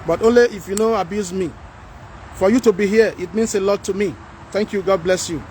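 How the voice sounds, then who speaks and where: High-voiced Nigerian man, animated livestream. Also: fairly quick, a little hiss or hum. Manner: animated, pleading, mixes in Pidgin. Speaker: livestream host reading viewer comments. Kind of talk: casual livestream talk.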